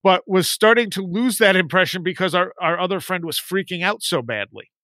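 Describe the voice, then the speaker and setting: A man in his forties telling a story in a casual chat, rambling and lively when he quotes his friends. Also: high-pitched, fairly quick, no echo.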